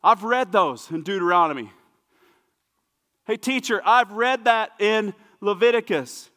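A man's voice: sits high, animated, unhurried, fairly bright tone, big-room sound, voice pushed up. A man voicing an eager, self-assured ancient male scribe in his sermon.

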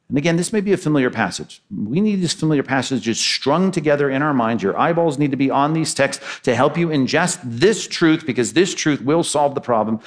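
Emphatic male preacher. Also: mid-range voice. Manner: emphatic, repetitive preaching with rising and falling intensity. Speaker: pastor. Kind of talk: sermon.

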